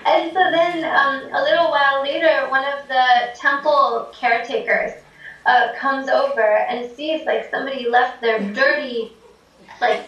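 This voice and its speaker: A Tibetan woman with a high, fairly bright voice chats her way through a folk tale, filling it with fillers and frequent laughter. The mic is distant and the room echoes.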